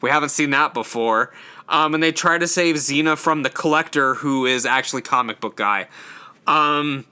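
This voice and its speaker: Bright chatty young man. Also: a little high, normal speed, clear, resonant tone. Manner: chatty, filler-heavy, stumbles over words. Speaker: host ranking episodes. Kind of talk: casual solo commentary.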